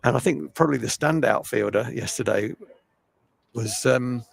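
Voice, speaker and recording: A man's voice: mid-range voice, moderate pace, gravelly. A man commentating live on cricket, chatty and rambling, with a self-deprecating way of talking.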